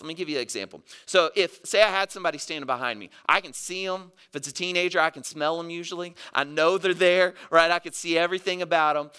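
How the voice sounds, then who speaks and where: A male pastor delivering a sermon in a church, his voice bright and forceful. He talks in a conversational way, tossing in sarcastic asides and homely stories. The tone is smooth and crisp, sitting a little high for a man. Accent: Southern US. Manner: conversational preaching with sarcastic quoted asides and illustrations.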